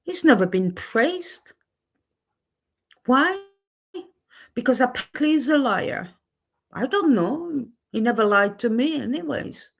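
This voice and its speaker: A woman's voice: fairly high pitch, lively intonation, slow pace, gravelly, pauses often. A woman hosting her own channel in a candid livestream monologue, speaking bluntly and getting heated and indignant about what she sees. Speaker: channel host.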